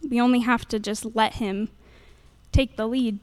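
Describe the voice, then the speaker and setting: A woman's voice: fairly high pitch, fairly even intonation, measured pace, darkish tone. A young woman giving a nervous, earnest faith testimony into a handheld microphone at a church gathering, with many fillers.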